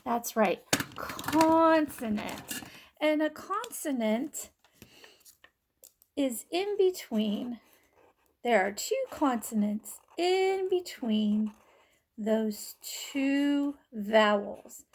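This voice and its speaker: A woman with a high voice gives a kindergarten phonics lesson. She talks slowly and patiently, sounding out each letter and syllable so young children can follow along. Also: very animated, a little mellow. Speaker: kindergarten teacher.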